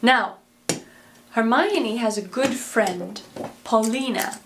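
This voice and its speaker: A woman casually retelling a play's plot in a lively, plain-spoken way. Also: fairly high pitch, a little hiss or hum. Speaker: storyteller.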